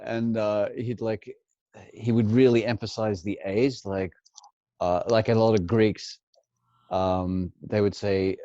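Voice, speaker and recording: A man's voice: lowish voice, flat delivery, slow, warm tone, no room sound, muffled recording. A man from Australia, a guest impressionist telling stories in a chatty way, laughing often and repeating words as he starts. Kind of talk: casual interview storytelling.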